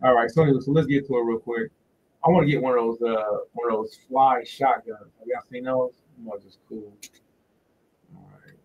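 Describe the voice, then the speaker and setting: A man's voice: medium pitch, fairly even intonation, a little hiss or hum. Chatty man teaching, distant muffled mic. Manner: loose and chatty, repeats words slowly. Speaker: livestream religious teacher. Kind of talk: casual religious teaching on a livestream. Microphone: phone directly in front of him.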